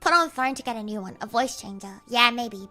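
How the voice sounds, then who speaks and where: A woman's voice: a little high, lively intonation, brisk, pushed and bright, soft background music. A young woman chatting on a livestream, playful and exaggerated, swearing freely. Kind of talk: casual stream chat.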